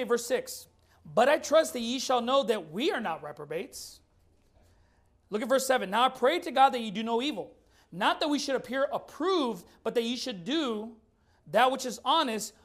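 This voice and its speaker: A man preaching a sermon, firing rhetorical questions and reading scripture slowly and deliberately. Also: very high-pitched. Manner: emphatic, fires rhetorical questions.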